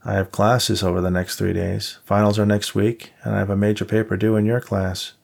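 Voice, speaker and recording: Guy reading a deadpan sarcastic college girl, low and gravelly. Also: fairly quick. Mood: dry. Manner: dry, sarcastic. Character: sarcastic young woman undergrad assistant.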